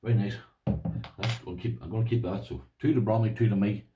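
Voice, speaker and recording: An Irish man rambles chattily while showing his lock collection to camera, calling his viewers "boys" and saying "this here." His voice is on the low side, steady, fairly quick, and warm, recorded with a distant mic in an echoey room with a little hiss or hum.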